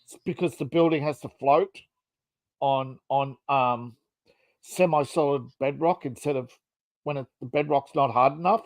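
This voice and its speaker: A man's voice: mid-range voice, normal speed, dry recording. A man talking on a casual podcast in a dry, close-sounding room. He rambles through long explanations, stopping for fillers and restarting his sentences. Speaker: podcast co-host.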